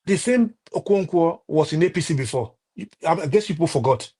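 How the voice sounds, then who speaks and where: With a warm, breathy-edged voice on the high side, a Nigerian-accented man speaks fairly quickly and animatedly in a live-stream political rant. He is heated and impassioned, repeating himself and restarting often amid many fillers.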